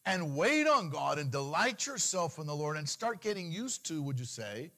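A middle-aged man preaching with a lively, swinging voice that climbs and drops. He pitches a little higher than most men and breaks into pleading cries when he acts out a worried believer. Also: moderate pace. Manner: animated preaching, mimics anxious pleas in a higher voice. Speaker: pastor. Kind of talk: sermon.

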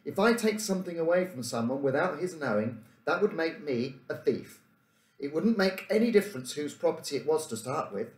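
A man's voice: a little high, lively intonation, a little fast, voice pushed up, lightly acted. A man doing an earnest, anxious young boy. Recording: roomy room echo.

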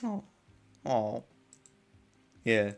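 Young adult gamer, let's-play, reads game text aloud, lively, bouncy pitch, mid-range voice, laughs a lot, mutters swears. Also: drawn-out words, vocal fry. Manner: chatty, laughs often, swears under breath. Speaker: gamer reading a visual novel aloud.

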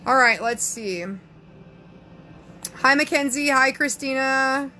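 Woman, Southern accent, sassy, brash live-stream chat, highish voice. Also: takes it slowly, pushed and bright, a little hiss or hum. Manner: sassy, brash, reads viewer comments aloud. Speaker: psychic answering live chat.

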